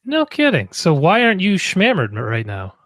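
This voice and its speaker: A man's voice: high-pitched, huge pitch swings, normal speed, a bit bright, no echo, clean studio sound. A man hosting a casual podcast chat, talking bluntly and informally with casual swearing. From American South. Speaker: podcast host.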